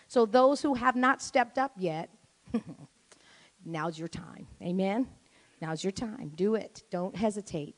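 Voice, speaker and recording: A middle-aged woman, a worship leader, telling family stories at the end of a church service, animated and laughing. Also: mid-range voice, unhurried. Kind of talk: sermon closing remarks. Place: church sanctuary. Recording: long church reverb.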